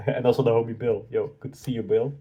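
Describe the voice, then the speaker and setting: A man hosting a live manga reaction, excitable and slangy as he reads and comments. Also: mid-range voice, quick pace, slightly rough.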